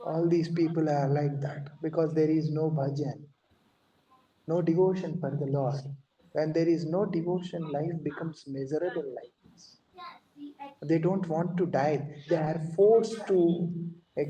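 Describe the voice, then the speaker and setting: Earnest monk giving a mellow lecture. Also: male voice, fairly high pitch, fairly even intonation, unhurried, rough recording. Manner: earnest, explains scripture phrase by phrase. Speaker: monk giving a devotional talk. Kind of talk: devotional lecture.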